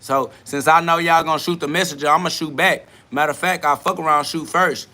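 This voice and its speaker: A man's voice: a little high, fairly even intonation, brisk, bright, forceful tone. A young man hosting a podcast, answering live chat in a blunt, profane, lecturing monologue. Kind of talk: preachy live-stream monologue.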